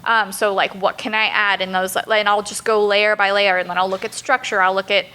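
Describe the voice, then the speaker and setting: A woman's voice: medium pitch, flat delivery, fairly quick, bright, forceful tone, clear, resonant tone, rough recording. A woman writer on a panel, explaining her process in a methodical, step-by-step way. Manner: methodical, lays out steps in order. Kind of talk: panel talk.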